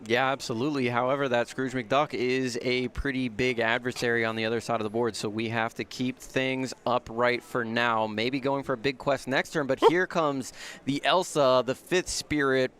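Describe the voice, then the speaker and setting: A man co-commentating a card game tournament. His voice sits at a middle pitch, and he walks through each board state in a calm, analytical way. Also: moderate pace, clear, resonant tone. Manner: steady, analytical, agreeable.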